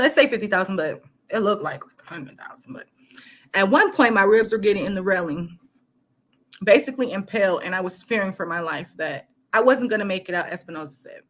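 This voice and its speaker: A woman's voice: mid-range voice, fairly bright tone. A woman from Michigan reads a news article aloud for her channel, stopping often to comment. Her talk is loose and chatty, full of "like" and "you know.". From Michigan, United States. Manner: halting reading broken by chatty asides full of "like". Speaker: host.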